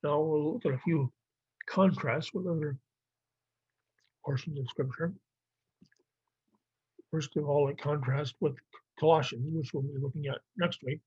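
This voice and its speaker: A man's voice: a little high, steady tone, unhurried, pauses often, darkish tone, slightly rough, no echo. A man teaching a Bible survey lesson, explaining plainly with some fillers and restarts. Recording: dry, muffled lo-fi recording.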